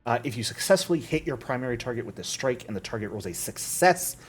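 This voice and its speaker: A man running a tabletop game online as game master, explaining rules in a relaxed, chatty way with plenty of fillers. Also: medium pitch, quick pace, husky, soft background music.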